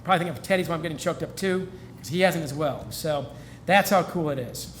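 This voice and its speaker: A man with a high voice speaks to a crowd at a celebration and tells heartfelt stories in an earnest way. He sounds moved and chokes up now and then. A faint hum of the room sits under his words. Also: fairly quick. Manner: earnest storytelling, gets choked up. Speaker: featured speaker. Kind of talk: speech at a celebration. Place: event hall.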